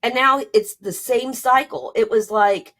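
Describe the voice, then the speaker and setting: A woman's voice: on the high side, measured pace, fairly bright tone. A woman telling her own story on a podcast, casually and animatedly, full of "like" and "you know", acting out both sides of arguments in a rising voice. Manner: many fillers like "like" and "you know".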